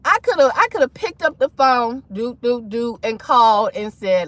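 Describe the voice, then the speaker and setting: Animated high-voiced woman telling a story. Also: moderate pace, few pauses. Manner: animated, dramatic, acts out voices in her story. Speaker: livestream host. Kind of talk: casual storytelling livestream.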